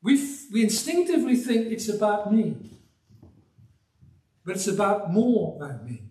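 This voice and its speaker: An older English preacher with a softened West Midlands accent delivers a sermon in a folksy, emphatic way, breaking into small chuckles. His voice sits a little higher than most men's. It is picked up from some distance in a roomy church hall. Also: expressive, a little slow. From Black Country, West Midlands of England.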